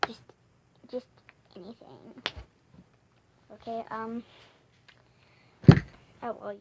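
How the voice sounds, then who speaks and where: A young girl hosts a playful crafts vlog, giggling, rambling and slipping into whispers now and then. Her voice sits fairly high and she speaks slowly. The home recording carries clear background noise. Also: steady tone. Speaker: vlogger.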